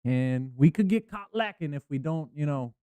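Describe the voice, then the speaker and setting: Male podcast host, high and mellow, smooth tone, halting delivery with restarts. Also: lively intonation, dry recording. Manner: halting, restarts, acts out quotes. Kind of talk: casual chat.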